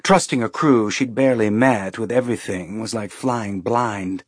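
A man's voice: fairly low pitch, slightly rough, no room sound. Man narrating, dry close sound. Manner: measured, steady. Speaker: audiobook narrator. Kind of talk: scripted narration.

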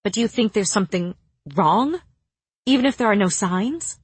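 A prickly, defiant young woman, as a narrator puts her on, pushing back in clipped, sharp bursts. Her voice is breathy and sits close and dry, with pitch that jumps around a lot. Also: expressive, moderate pace, no echo.

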